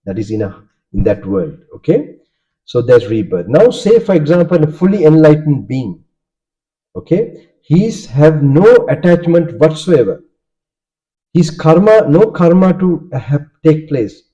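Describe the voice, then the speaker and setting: Slightly slow and a bit high, with wide swings in pitch and a dark timbre, a Sri Lankan Buddhist monk who speaks Sinhala natively gives a Dharma talk. He questions the audience and checks in repeatedly by asking "okay?". Sound quality is dull and lo-fi.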